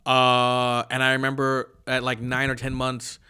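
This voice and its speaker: A man's voice: medium pitch, completely flat delivery, measured pace, bright, forceful tone, smooth. A comedian guest in a casual podcast talk, wryly telling stories and acting out the people he quotes. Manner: wry storytelling, acting out quoted voices.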